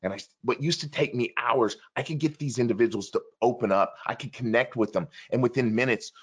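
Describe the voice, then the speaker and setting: A man telling a story in an interview, earnest and urgent, acting out the dialogue of the people in it with big jumps in pitch and loudness. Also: brisk, breathy edge. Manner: animated, acts out quoted dialogue with big shifts in pitch and loudness.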